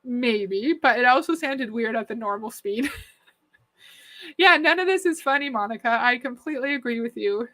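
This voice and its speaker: A woman's voice: a little high, expressive, normal speed, pushed and bright. A woman hosting a reaction commentary, chatting skeptically and reading out viewer comments. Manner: skeptical, conversational, often laughing. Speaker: commentary host.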